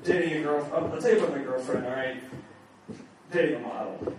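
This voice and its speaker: A man's voice: on the high side, fairly quick, distant mic, noisy background. A man from New England performing a crude standup comedy set and bantering with hecklers on a club stage. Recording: echoey club recorded from afar with crowd. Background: audience laughter and heckling.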